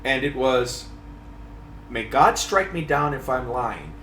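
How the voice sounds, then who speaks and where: A man, a fishing magazine editor, telling a comic fishing story in a lively, playful way at a trade show. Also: mid-range voice, takes it slowly, roomy sound, slight background noise. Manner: lively, comic yarn-spinner who acts out quotes. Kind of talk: animated storytelling.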